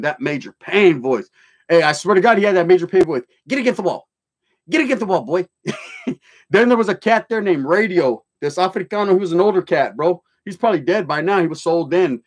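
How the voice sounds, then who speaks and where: A middle-aged California man relaxes on his livestream, reading chat messages aloud and telling stories from his past. He speaks in a slightly higher-than-average male voice, peppering everything with street slang and swearing.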